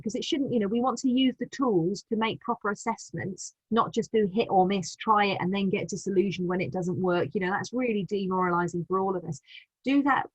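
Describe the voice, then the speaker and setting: A British woman patiently explaining practical advice in a live online session, with frequent restarts and a gentle manner. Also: medium pitch, breathy edge, no room sound, poor audio. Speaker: continence advisor.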